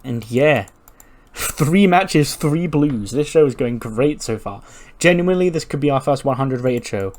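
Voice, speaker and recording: Man, casual let's-play commentary, excitable, chatty, casual swearing, average pitch. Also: unhurried. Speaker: game commentator.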